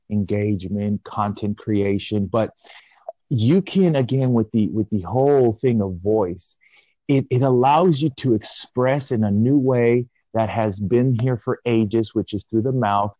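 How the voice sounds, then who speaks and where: A man in his forties co-hosting a casual chat, reflective and rambling, with drawn-out pauses. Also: on the low side, warm tone, dry recording. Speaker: podcast co-host. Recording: dull lo-fi audio.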